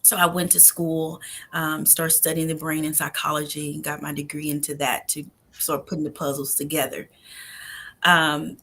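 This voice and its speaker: Speaking with a low-leaning, bright and forceful voice, this woman is a guest on a podcast who founded a nonprofit. She tells her own story with earnest feeling, sinking almost to a whisper when things turn tender.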